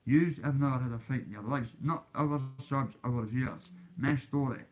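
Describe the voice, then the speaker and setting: Talking at a normal pace in a mid-range voice, this YouTuber from Glasgow tells a bragging story straight to his phone camera, speaking directly to his young viewers. His Scottish accent is strong, his manner swaggering, and the low-quality audio gives it a casual vlog feel.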